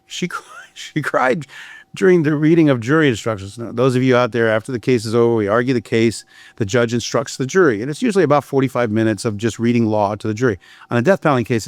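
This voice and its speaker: A man's voice: mid-range voice, quick pace, dry recording. Blunt, profane man on a dry mic. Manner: blunt and profane, storytelling with frequent restarts. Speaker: criminal defense attorney. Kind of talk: candid podcast conversation.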